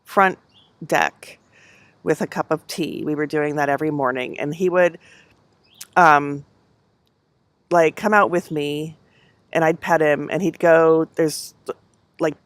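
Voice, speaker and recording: A woman's voice: low voice, steady tone, slow, pauses often, dry recording. Rambling woman on a headset mic. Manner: rambling, chatty, fillers, laughs often. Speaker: knitting livestream host. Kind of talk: casual chat.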